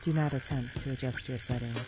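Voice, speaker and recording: A woman's voice: very deep voice, fairly even intonation, music in the background, pitched below the performer's own voice, rough recording. A woman putting on a solemn announcer voice that claims control of the broadcast, in a scripted intro. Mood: ominous. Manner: slow, solemn, commanding. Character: ominous broadcast announcer taking over the show. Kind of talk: dramatic scripted intro over music.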